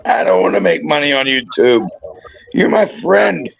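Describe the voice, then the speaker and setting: A tipsy, tearful man pleading and apologizing in a halting, repetitive way on a livestream. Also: fairly high pitch, big pitch swings, gravelly, muffled recording, music in the background. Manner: halting, repeats himself, pleading. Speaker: livestream panel guest.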